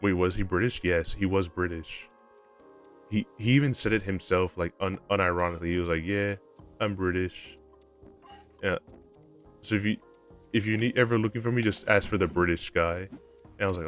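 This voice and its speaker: A man's voice: deep voice, moderate pace, a bit bright. A young man chatting casually on a game stream, rambling with lots of fillers and restarts. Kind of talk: casual live-stream chat while gaming. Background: faint game music.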